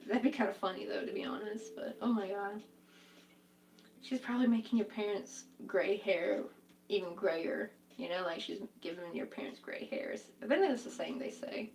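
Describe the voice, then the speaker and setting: A woman's voice: medium pitch, normal speed, a little mellow, recorded from a distance, slight background noise. A young woman hosting a crochet live stream, chatting casually and reacting to viewers' comments, saying "like" a lot. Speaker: crochet livestream host.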